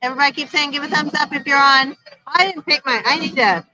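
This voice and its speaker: A chatty middle-aged woman talks with her viewers on a casual outdoor livestream, laughing easily. Her voice is bright and pitched a little high. The phone audio is dull and lo-fi. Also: fast. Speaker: vlog co-host. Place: outdoor patio at a bar.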